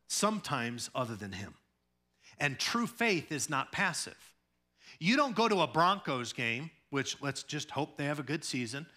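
Bright-voiced, animated man preaching. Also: a little high. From Chicago area, USA. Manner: animated preaching with acted-out quotes and humor. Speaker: pastor. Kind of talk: sermon. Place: church sanctuary at a podium.

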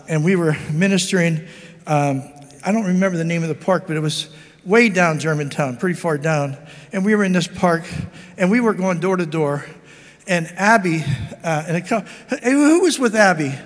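A man's voice: high-pitched, long reverb tail. An older man preaching an impassioned sermon, exhorting his listeners with lots of repetition. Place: church hall.

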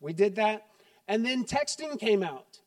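A middle-aged male pastor with a high voice delivers a sermon in a chatty, joking way that turns quiet and earnest. The sound is dry, picked up from a mic set some distance away. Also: sing-song, unhurried, dry recording.

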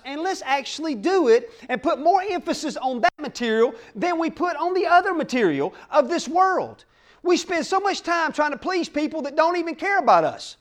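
A male pastor delivers a sermon in a very high-pitched voice. He preaches emphatically in plain, folksy speech and keeps checking in with his listeners. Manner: emphatic preaching with call-outs to the congregation.

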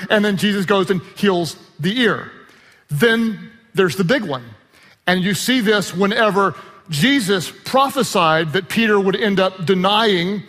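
A male pastor preaching a sermon in a church, animated, with shouted emphasis and joking asides. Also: high voice. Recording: long reverb of a large hall.

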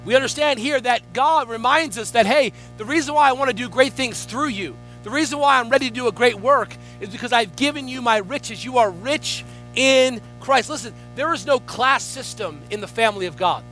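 A man with a high, bright voice preaches with fervent energy, calling out to the congregation as he builds. Soft music sits behind him. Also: normal speed, rough recording. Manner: fervent preaching with rising call-outs. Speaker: guest pastor. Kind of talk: sermon.

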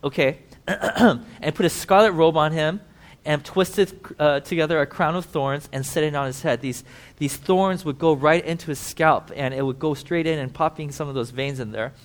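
A man preaching a sermon who tells the story vividly, swings between emphatic and hushed, and talks directly to his listeners. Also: a little high, moderate pace, hardly any pauses. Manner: conversational asides to listeners.

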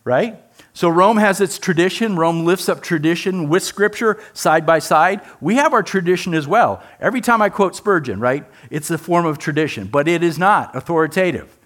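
A man's voice: a little high, a bit bright. A male pastor preaching a sermon in a conversational way, asking the congregation rhetorical questions and adding playful asides.

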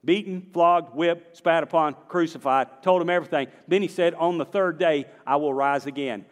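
A man delivers a sermon with a voice pitched a bit high for a man. He swings from quiet points to loud, emphatic exclamations, and a long reverb from the hall trails after each line. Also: moderate pace. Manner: animated, rising to emphatic exclamations. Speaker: pastor.

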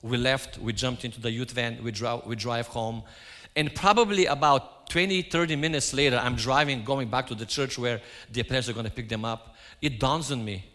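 A man's voice: medium pitch, moderate pace, hardly any pauses, fairly bright tone. Man preaching in a reverberant church. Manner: storytelling, acts out his own quoted lines. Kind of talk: sermon. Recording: hall reverb.

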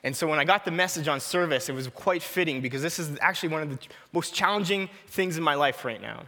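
A man's voice: a little high, quick pace, pushed and bright, big-room sound. A man in his thirties preaching an earnest, personal sermon, often repeating a short prayer.

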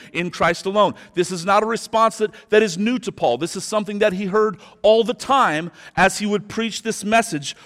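Pastor type, male, high voice, emphatic sermon delivery, big church reverb. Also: a bit bright. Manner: emphatic preaching, slows down for stress. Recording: long hall reverb.

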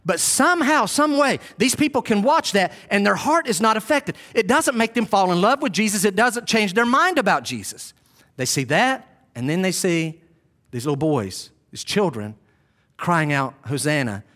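A man preaching a sermon, swinging from loud emphasis to hushed drops. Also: sits high, animated, moderate pace. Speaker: pastor.

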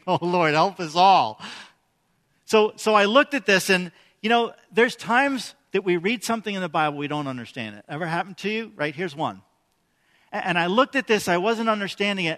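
A man preaches in a high, bright voice, talking with the congregation more than at them. He asks them questions as he goes. The sound carries a long reverb from a church hall. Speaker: pastor. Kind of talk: sermon.

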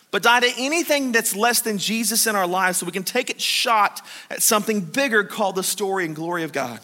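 A man preaching a sermon. He reads scripture and acts out the disciples and Martha in animated paraphrase. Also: sits high. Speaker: pastor. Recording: long hall reverb.

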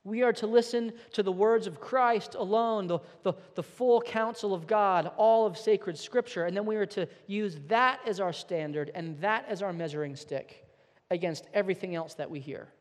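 Male pastor, high voice, earnest emphatic sermon, long echo of a big hall. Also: moderate pace. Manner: earnest, emphatic, with some repeated words.

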